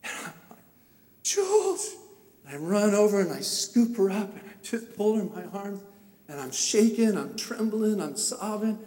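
A man preaching a sermon through a personal story, talking with emotion that swells into impassioned shouting. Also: high-pitched, moderate pace. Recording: echoey hall, voice from far off.

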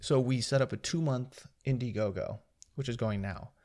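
A man's voice: medium pitch, normal speed, a little mellow. A man, a guest filmmaker, telling stories in a casual podcast chat, acting out quoted dialogue and swearing freely.

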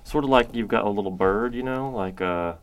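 Deep gravelly man, rambling podcast chat. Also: brisk. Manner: rambling storyteller, crude joking, many fillers. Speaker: podcast co-host. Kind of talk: casual chat.

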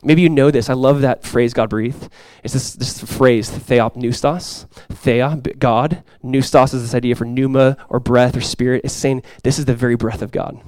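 A male pastor preaching a sermon to his congregation, swinging from loud, impassioned lines to quiet, soft ones. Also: mid-range voice, fairly even intonation, normal speed, few pauses, smooth, no room sound. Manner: impassioned preaching, swells loud for quoted cries then drops soft. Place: church sanctuary before a congregation.

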